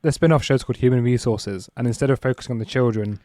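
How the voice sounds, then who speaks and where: A man's voice: mid-range voice, quick pace, warm tone, no room sound, studio quality. A man co-hosting a podcast in casual chat, easygoing and teasing as he brings up news items. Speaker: podcast co-host.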